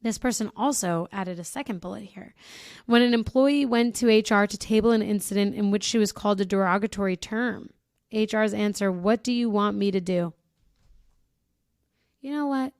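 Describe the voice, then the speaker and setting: A woman's voice: medium pitch, a little fast, a little mellow, dry recording, clean studio sound. Frank, sarcastic woman podcast host. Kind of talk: casual podcast monologue.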